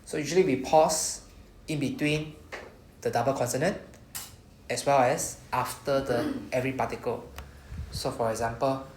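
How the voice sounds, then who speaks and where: Singaporean woman teacher, deep voice, patient drill style, roomy classroom sound with faint noise. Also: fairly even intonation, darkish tone. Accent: Singaporean English. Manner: patient, repeats words slowly for students. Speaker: Japanese teacher.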